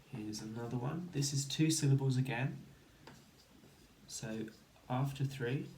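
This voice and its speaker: A man's voice: mid-range voice, unhurried, darkish tone, echoey room, slight background noise. A man teaching a phonics lesson to children, counting to three and sounding out letters one by one. He mentions having hay fever. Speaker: primary school teacher.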